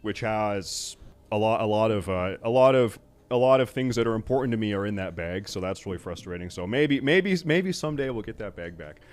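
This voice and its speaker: A man's voice: lowish voice, brisk. Profane, exasperated young man. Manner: profane, exasperated, gets loud and animated. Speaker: streamer. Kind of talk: casual rant to stream chat.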